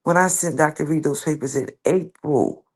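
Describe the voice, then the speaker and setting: A woman with a deep, slightly rough voice hosts a livestream, talking at normal speed directly to an opponent who isn't there. Her rant is confrontational and rambling, circling back over the same points.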